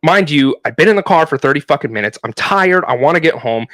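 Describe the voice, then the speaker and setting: Bright-voiced man telling a story. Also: a little high, fast, dry recording. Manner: animated, profane storytelling with frequent fillers. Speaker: podcast co-host. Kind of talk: casual storytelling chat.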